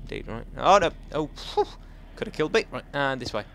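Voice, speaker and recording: A young man giving let's play commentary, self-mocking with sudden excited outbursts. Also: on the high side, a little fast. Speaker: gaming channel host. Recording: faint game music behind.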